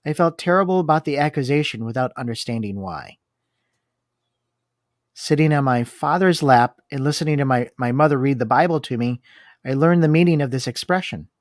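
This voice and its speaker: A man's voice: medium pitch, brisk, dry recording, clean studio sound. A man co-hosting a discussion, reading long book passages aloud and commenting on them. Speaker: podcast co-host.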